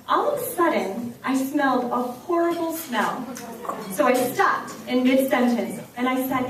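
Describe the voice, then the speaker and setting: A woman tells a story in a keynote speech, playing the voices of her characters. Her voice sits high. Cutlery and dishes clink in the background of a roomy dinner hall. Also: moderate pace. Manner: lively storyteller, acts out voices of children and herself. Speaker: keynote speaker and teacher. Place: banquet hall. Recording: echoey hall recorded from far off, dinner noise.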